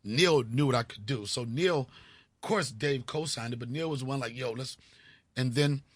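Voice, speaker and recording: A man in his fifties from Washington, D.C., telling stories as a comedy guest in an animated, profane way. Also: mid-range voice, normal speed, no room sound. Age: 50s. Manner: animated, profane, acts out scenes. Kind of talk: casual storytelling interview.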